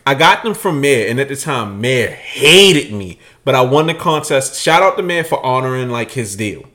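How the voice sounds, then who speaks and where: A man's voice: mid-range voice, moderate pace. A young man co-hosting a casual sneaker podcast, telling stories with lots of slang and swearing and acting out the voices. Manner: animated storyteller, acts out voices; profane, slangy. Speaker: podcast co-host. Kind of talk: casual chat.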